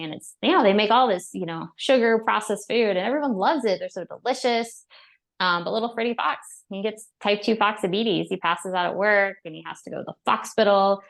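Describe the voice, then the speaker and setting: A woman dietitian and author as a podcast guest, chatting casually and telling animated stories with frequent laughs and fillers. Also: medium pitch. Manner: animated storyteller, laughs often, many fillers. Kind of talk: casual interview chat.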